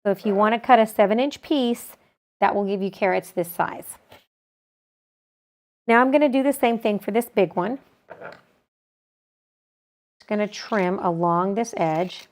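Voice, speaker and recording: A woman at a middle pitch, teaching a quilting technique. She talks in a calm, practical way, describing each step as she works with her hands. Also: unhurried, pauses often. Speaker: quilting instructor. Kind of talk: step-by-step sewing tutorial.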